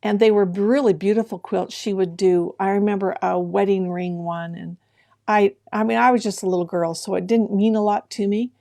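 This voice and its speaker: A woman's voice: medium pitch, steady tone, moderate pace, vocal fry, dark tone. A middle-aged woman hosting a sewing livestream, chatting casually and greeting viewers by name with frequent laughs. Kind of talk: casual live-stream chat with viewers.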